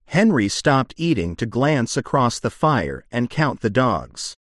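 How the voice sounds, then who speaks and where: A man narrating an audiobook at an unhurried pace, with a lively rise and fall in his pitch. The recording is dry and close, with no room sound. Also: no room sound. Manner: slow, expressive storytelling. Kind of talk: audiobook reading.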